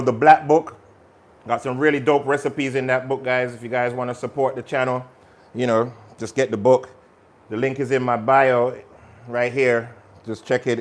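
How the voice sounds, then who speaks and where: A man hosting a live cooking stream, chatting energetically and talking straight to his viewers. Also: medium pitch. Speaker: cooking channel host.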